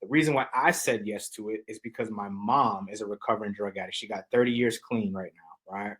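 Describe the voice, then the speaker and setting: A man who is a podcast guest and motivational speaker, telling stories in a lively, slangy, preacher-like way. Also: on the low side, fairly quick, breathy edge, low-quality recording. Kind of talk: energetic storytelling in casual chat.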